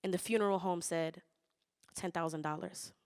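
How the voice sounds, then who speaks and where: Spoken word poet, rhythmic and loose. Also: female voice, on the low side, steady tone, smooth. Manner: loose, laughing, swearing banter between poems; measured rhythmic delivery in poems. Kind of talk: spoken word poetry performance with casual chat between poems.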